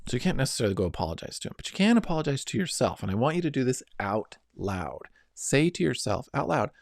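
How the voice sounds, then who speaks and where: Very animated and gravelly, a middle-aged man's mid-range voice moves at a quick pace with few pauses as he gives an earnest self-help lesson. He coaches step by step, often asking "right?" and "okay?", in a dry, clean studio recording.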